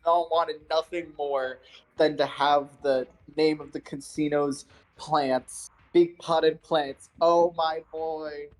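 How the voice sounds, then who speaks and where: A man voicing a melodramatic, roguish father figure in a tabletop role-play, with theatrical, drawn-out lines. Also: on the high side, steady tone, rough recording. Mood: wailing. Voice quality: wailing, theatrical grief.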